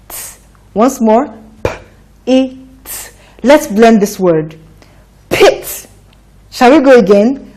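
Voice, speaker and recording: A woman teaching phonics to young children, patient and encouraging, drawing out each sound slowly and clearly. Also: a little high, a little mellow.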